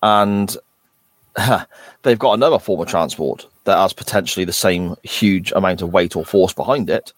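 A man co-hosting a podcast, talking casually and thoughtfully about an episode, often pausing mid-phrase. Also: sits low, no echo. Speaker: podcast co-host. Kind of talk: casual chat reviewing an episode.

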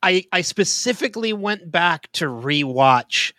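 A man co-hosting a podcast, talking through a TV episode in casual chat, openly emotional and quick to restart his sentences. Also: high voice, animated, bright, forceful tone, no echo. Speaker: podcast co-host. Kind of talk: casual TV show discussion.

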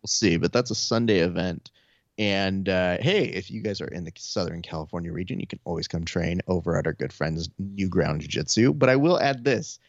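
A man's voice: low voice, a little fast, no echo, highs cut off. A man co-hosting a podcast, telling loose, profane stories and acting out the voices of people he quotes. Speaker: podcast co-host. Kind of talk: casual chat.

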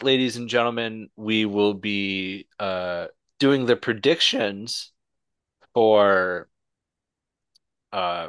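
A man's voice: fairly low pitch, fairly bright tone, dry recording. A man co-hosting a casual wrestling podcast, ranting sarcastically and swearing constantly. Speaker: podcast co-host.

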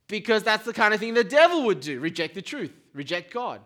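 A man preaching a sermon in a relaxed, conversational way, often checking in with the congregation. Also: sits high, brisk, hardly any pauses. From Australia. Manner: informal, keeps checking in with "right?".

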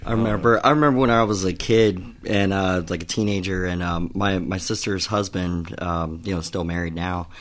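A man's voice: sits low, steady tone, moderate pace, few pauses, a bit bright. Profane, rambling male storyteller. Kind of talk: casual podcast chat.

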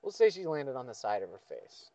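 A man's voice: medium pitch, wildly swooping pitch, brisk, gravelly, warm tone, dry recording, muffled recording. A man venting in a profane, sardonic monologue, with frequent swearing and sighs. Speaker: vlogger.

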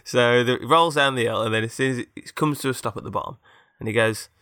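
Bright-voiced man telling a rambling story. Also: mid-range voice, quick pace, dry recording, studio quality. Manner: rambling, filler-heavy, tag questions. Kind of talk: casual improvised storytelling.

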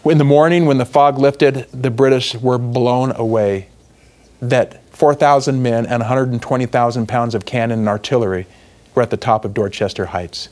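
Young male speaker, sermon-style history storytelling, lively asides. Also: medium pitch, normal speed. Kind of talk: religious talk on history.

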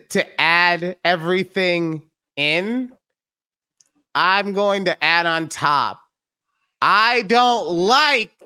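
A woman's voice: mid-range voice, sharp tone, clean tone, no echo, clean studio sound. Teasing, foul-mouthed woman podcast host. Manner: teasing, frank, swears freely. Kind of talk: casual podcast chat.

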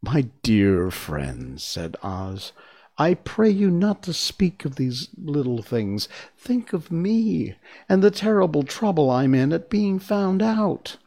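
A man's voice: on the high side, big pitch swings, slow, dark tone, voice pushed up, exaggerated voice. A man doing a stammering, trembling old humbug wizard. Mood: pleading.

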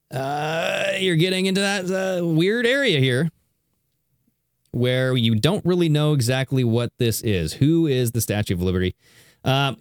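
A man's voice: no room sound, studio quality. A man hosting a show, chatting casually as he reacts to video clips. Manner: animated, jumps into high mock tones.

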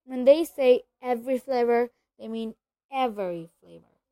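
A woman reading a storybook aloud and voicing an excitable, blunt young boy wizard in a slightly lower, eager tone. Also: normal speed, close to an everyday voice. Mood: warning.

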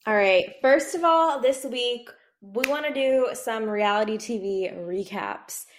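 A woman hosting a podcast from home, chatting casually about gossip and jumping quickly between topics. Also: fairly high pitch, slight background noise. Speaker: podcast host.

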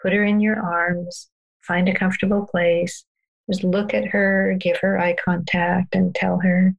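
A woman guest telling parenting stories in a calm, earnest, unhurried way during a podcast conversation. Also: lowish voice, vocal fry, muffled recording.

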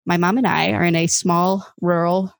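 A woman's voice: lowish voice, steady tone, moderate pace, vocal fry, dry recording. Midwest woman rambling through a funny story, lots of um and like, dry sound. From American Midwest. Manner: chatty, many ums and likes, giggly. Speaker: podcast guest. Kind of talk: comedic storytelling.

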